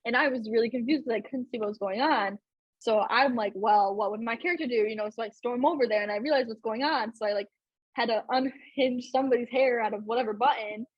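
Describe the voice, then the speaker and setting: Podcast host, young woman, breathy and slightly high, dry muffled recording. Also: a little fast, dry recording. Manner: chatty, lots of fillers and laughs. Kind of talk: casual chat.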